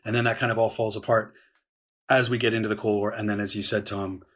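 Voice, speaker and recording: A man speaking as a guest historian on a podcast, explaining at length in a measured way with frequent "um"s and "right?"s. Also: on the low side, level tone, fairly bright tone, slightly rough.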